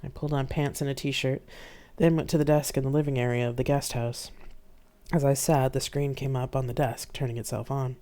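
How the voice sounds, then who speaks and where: An author reads their own novel aloud on a live stream in a mellow, soft-toned voice. The delivery is steady and plain, telling the story in the first person. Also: mid-range voice, a little fast.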